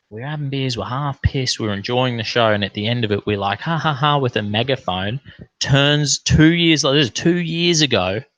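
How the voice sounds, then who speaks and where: A man's voice: medium pitch, fairly bright tone, no room sound, low-quality recording. A young Australian man ranting bluntly and profanely in a casual rambling monologue to his online viewers. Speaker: online streamer.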